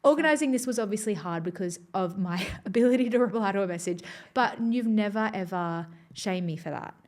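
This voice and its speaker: A woman's voice: mid-range voice, fairly quick, darkish tone. A young woman who performs in musical theatre, a podcast guest who talks in a chatty, self-deprecating way and laughs easily. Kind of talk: casual podcast chat.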